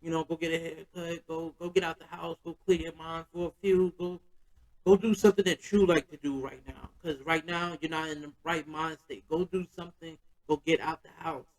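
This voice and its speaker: A man's voice: fairly high pitch, little pitch movement, fairly quick, distant mic, natural voice, poor audio. Man quoting a fervent, caring aunt. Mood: urging. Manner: fervent and urgent. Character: caring older aunt, praying and fussing.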